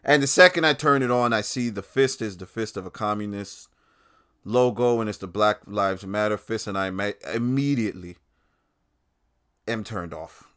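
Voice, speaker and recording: A man hosts his own podcast, delivering casual ranting commentary that's heated, profane and sarcastic. His voice is lowish and fairly bright, at a normal speed.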